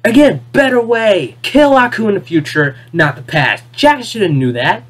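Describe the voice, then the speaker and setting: A video creator, exasperated over a cartoon finale, rants unplanned straight into the camera. The voice swings from loud, incredulous outbursts to low, deflated muttering, with a sing-song, breathy edge at a moderate pace, and points keep returning amid rhetorical questions.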